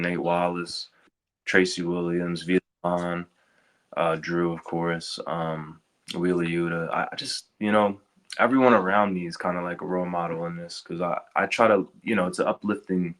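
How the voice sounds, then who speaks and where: A man from the Philadelphia area, a wrestler guest, talking haltingly with repeated words and fillers. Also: low-pitched, fairly bright tone. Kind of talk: casual interview chat.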